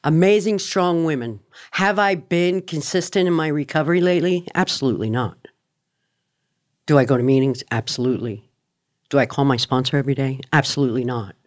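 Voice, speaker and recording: A woman's voice: low-pitched, fairly quick. A middle-aged woman, a podcast guest, telling her personal story in a blunt, profane, candid way.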